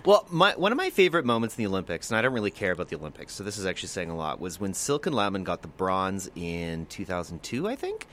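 Male Canadian radio co-host, wry, lively pitch swings. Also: fast talker, hardly any pauses, a little hiss or hum. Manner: wry, animated storyteller. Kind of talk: casual radio chat.

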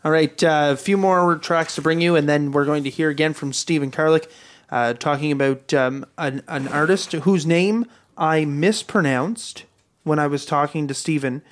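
A man's voice: fairly high pitch, moderate pace. A man hosting a radio show in casual banter, wry and teasing, at a studio microphone. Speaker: radio host.

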